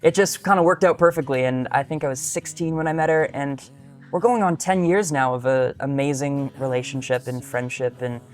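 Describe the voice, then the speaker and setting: A man in his twenties, a singer-songwriter guest, answering interview questions in an easygoing, grateful way with quick restarts. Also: medium pitch. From Canada. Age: 20s.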